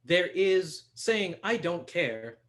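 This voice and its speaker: A young man chatting as a podcast guest, animated and laughing, acting out quotes as he tells stories. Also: sits high, takes it slowly. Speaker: podcast guest, hip hop artist. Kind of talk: casual conversation.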